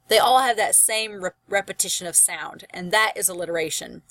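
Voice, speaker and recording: A young woman teaching a college English class in a recorded lecture, chatty and rambling with animated asides. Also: medium pitch, moderate pace, few pauses, no echo.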